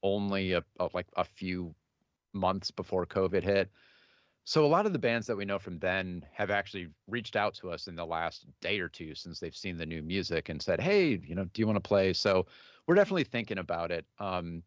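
A man in his thirties speaks in a very low voice and talks casually about his music. He hesitates often, full of fillers and restarts. The sound is dull and dry, with no room around it. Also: lively intonation, no echo. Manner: halting, many fillers and restarts. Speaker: musician guest. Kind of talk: casual interview answers.

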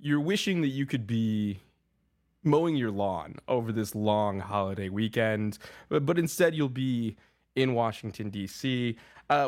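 A man co-hosting a talk radio show, chatting casually and poking fun at himself. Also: medium pitch. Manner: conversational, self-deprecating. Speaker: radio co-host.

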